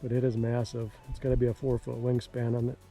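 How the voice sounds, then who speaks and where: A man with a mixed Minnesota and Georgia accent talks to the camera in a loose, folksy, rambling way at a mid pitch. He is outdoors on a desert ranch, and clear background music plays under his voice. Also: monotone, fast talker, warm tone. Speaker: vlogger. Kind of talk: casual vlog chat.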